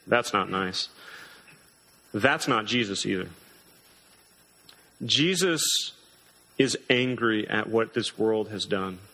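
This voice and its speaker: A man preaching a sermon as pastor, earnest and emphatic, slowing down hard to stress key words. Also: fairly low pitch, sharp tone, low-quality recording.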